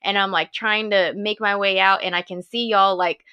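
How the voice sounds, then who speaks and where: Brief: woman, bright clear voice, lively storyteller who laughs a lot and acts out her thoughts. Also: medium pitch, moderate pace. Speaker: race participant recounting her race. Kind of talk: casual podcast chat.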